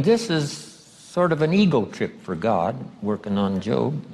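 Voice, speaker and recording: A man giving a motivational seminar lecture, emphatic and drawing out key words slowly. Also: mid-range voice, sing-song, a little mellow, slightly rough. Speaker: seminar speaker. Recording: long hall reverb.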